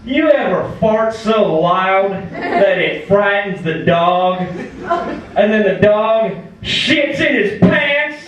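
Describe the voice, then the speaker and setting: A man playing a loud, crude Southern redneck comic with a drawl, performing stand-up in a comedy club. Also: high voice, animated, slow pace, distant mic, lo-fi sound, slight background noise, exaggerated voice. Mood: boastful. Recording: echoey club heard from afar. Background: crowd laughing.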